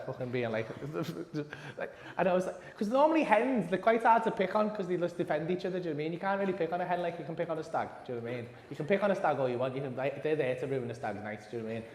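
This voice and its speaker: High-voiced Scouse comedian telling a story. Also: male voice, reverberant, big-room sound. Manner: swears constantly, animated, laughs through lines. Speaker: stand-up comedian. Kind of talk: stand-up storytelling, then casual chat. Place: live venue stage.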